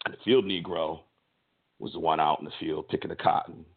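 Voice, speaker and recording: A man co-hosting a sports podcast, delivering a heated, emphatic opinion rant with a husky voice and stammering restarts. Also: very deep voice, steady tone, brisk. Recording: tinny phone-like audio.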